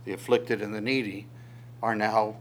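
A man's voice: fairly low pitch, normal speed, a little hiss or hum. A man preaching a sermon verse by verse, asking rhetorical questions and chuckling now and then. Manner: animated, voices God's words in quotes, asks rhetorical questions, chuckles. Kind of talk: sermon teaching through Psalms.

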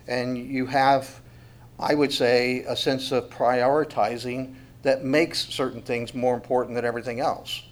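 A middle-aged man leads a Bible study in a relaxed, conversational way. His voice sits at an ordinary middle pitch, and he keeps asking the listeners questions and punches the words he wants to stress. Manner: conversational, asks rhetorical questions, dynamic emphasis. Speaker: Bible teacher. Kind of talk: expository Bible teaching.

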